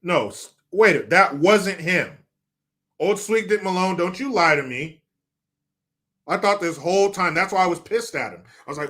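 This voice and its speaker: A man's voice: high-pitched, expressive, normal speed, a bit bright. A man reading viewer comments on a live stream, joking, swearing and mock-outraged.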